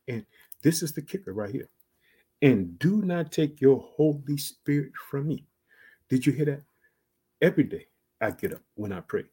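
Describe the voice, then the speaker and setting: A man preaching an online sermon with emphatic asides, swinging between loud and soft, drawing out key phrases slowly. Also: mid-range voice, expressive, husky. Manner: emphatic, repeats "guess what" and "check it out".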